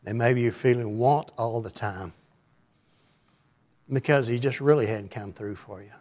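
A man's voice: mid-range voice, measured pace, darkish tone. A middle-aged man preaching a conversational sermon in a folksy, rambling way, often putting questions to his listeners.

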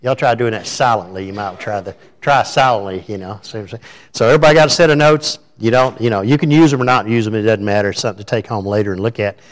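A man's voice: fairly low pitch, quick pace. A male pastor, preaching a sermon in a church in a folksy, storytelling way. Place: church sanctuary.

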